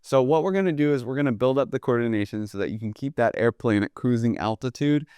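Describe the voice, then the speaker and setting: Young male drum instructor, easygoing and chatty, smooth resonant voice recorded dry and close. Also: medium pitch, dry recording. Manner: explains in a relaxed, conversational way, often checking in with "right?"; counts beats aloud slowly while demonstrating. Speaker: jazz drum teacher. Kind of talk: instructional video lesson.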